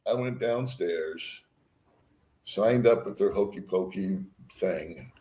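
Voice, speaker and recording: Deep-voiced older man telling a rambling story. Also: slow, warm tone, reverberant. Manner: rambling, laughs at his own story, swears freely. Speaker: vlogger. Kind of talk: casual storytelling.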